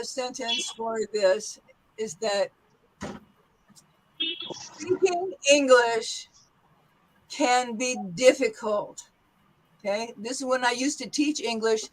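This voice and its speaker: A woman's voice: fairly high pitch, poor audio. A middle-aged woman teaching an interactive pronunciation lesson, encouraging her students and drilling phrases with them. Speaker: English teacher.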